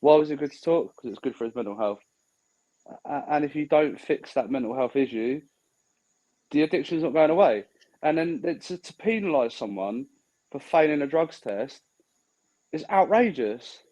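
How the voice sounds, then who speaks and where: A man's voice: fairly high pitch, expressive, normal speed, long pauses, warm tone, low-quality recording. A man in casual podcast chat, blunt and swearing freely, telling stories and acting out what others said. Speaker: podcast co-host.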